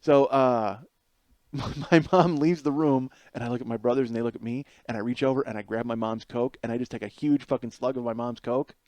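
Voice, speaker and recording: A man's voice: mid-range voice, fairly quick, no room sound. Profane man telling a funny story. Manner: animated, swears freely, laughs through punchlines. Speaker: podcast host. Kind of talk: comedic storytelling monologue.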